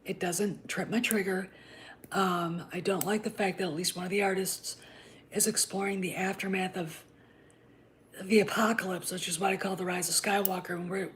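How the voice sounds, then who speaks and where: A woman's voice: fairly low pitch, fairly even intonation, moderate pace, a little hiss or hum. A woman hosting a casual commentary vlog, talking in a blunt, profane and opinionated rambling way. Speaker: host of a channel on the Star Wars franchise.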